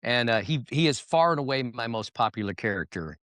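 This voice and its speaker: A man talking as a guest in a casual interview, telling animated stories and slipping into little character voices. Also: medium pitch, fairly quick, no echo, studio quality. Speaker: guest entertainer.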